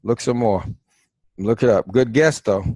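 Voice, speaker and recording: A man's voice: mid-range voice, a little slow, mellow, no echo. Man teaching over a dry call. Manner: quizzing, coaxing, conversational. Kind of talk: interactive online class.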